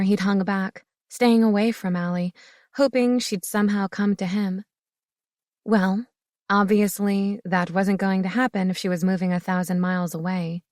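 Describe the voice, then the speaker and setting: A woman reading an audiobook narration in a steady, expressive way. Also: mid-range voice, no room sound, studio quality. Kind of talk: scripted narration.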